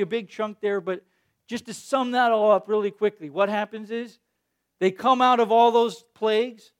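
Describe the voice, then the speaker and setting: A man preaching a sermon, reading scripture and then retelling it in a lively way, acting out the quoted voices. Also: extremely high pitch. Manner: animated, acts out quoted voices. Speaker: pastor.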